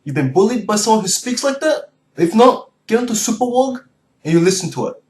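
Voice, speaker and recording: A man's voice: high-pitched, sing-song, darkish tone, pitched above the performer's own voice. A man doing a brash Western Sydney lad. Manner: brash, rapid. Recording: echoey room.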